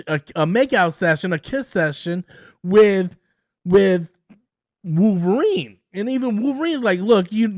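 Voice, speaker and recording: Man, high voice, dry close sound; halting, excitable live-stream reviewer who repeats himself. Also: dry recording. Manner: halting, repeats words, enthusiastic. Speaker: show review host.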